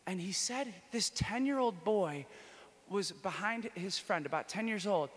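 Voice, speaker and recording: A man with a high-pitched voice tells his own story as a priest at a conference. His delivery is animated, rising to enthusiastic peaks and dropping to quiet, intimate passages. The sound carries a long reverb from the hall he speaks in. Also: unhurried. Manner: lively storytelling, shifts between loud enthusiasm and hushed intimacy. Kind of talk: conference talk, personal testimony.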